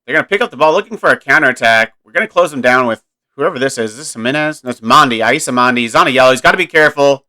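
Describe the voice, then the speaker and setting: A man's voice: mid-range voice, expressive, very fast, sharp tone. A man giving casual, thinking-aloud commentary while playing a football management game, often correcting himself mid-sentence. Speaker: gaming YouTuber.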